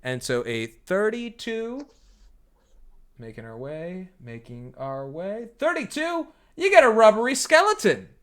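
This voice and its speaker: A man running a streamed tabletop game as game master, chatty, with frequent fillers and quick laughs. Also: high-pitched, huge pitch swings, a bit bright, clean tone.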